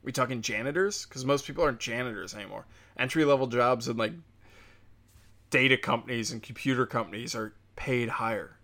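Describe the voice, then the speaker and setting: A man tears through a casual political rant full of profanity and biting sarcasm. His voice sits at an everyday middle pitch, and he talks like he is venting to friends rather than reading a script. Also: fairly quick, a bit bright. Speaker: commentator.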